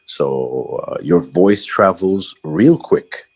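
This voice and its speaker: A man's voice: sits low, animated, slow, gravelly, a little mellow, slight background noise. A man from Bahrain, a voice-over artist, talking reflectively as a podcast guest with frequent fillers and restarts. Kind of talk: casual interview talk.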